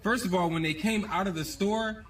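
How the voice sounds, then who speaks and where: A man telling a personal story to a camera, excited and repeating himself as he recounts events step by step. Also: high voice, moderate pace, recorded from a distance. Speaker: storyteller in a clip.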